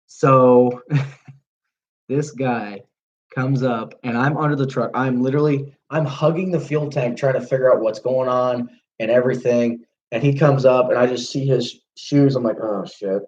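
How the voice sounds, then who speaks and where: Over lo-fi sound, a young livestream host with a mid-range voice spins out a long, casual tale. It's full of profanity, and he keeps fixing what he says partway through sentences.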